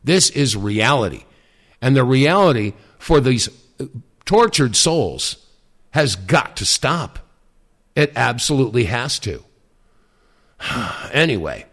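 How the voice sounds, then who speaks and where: Emphatic middle-aged talk radio host. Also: male voice, mid-range voice, expressive, a bit bright. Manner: emphatic, deliberate, with many fillers.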